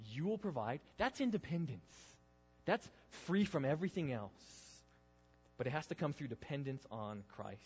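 A man preaching a sermon, earnest, swinging between loud emphasis and hushed intensity. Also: a little high, sing-song, normal speed, breathy edge, faint music behind. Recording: dull sound with long reverb in a hall.

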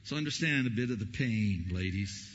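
A man preaching a sermon as pastor, telling stories and acting out the quotes with lively energy. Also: lowish voice, moderate pace, a little hiss or hum. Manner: animated storytelling, acting out quotes. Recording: lo-fi recording in a reverberant hall.

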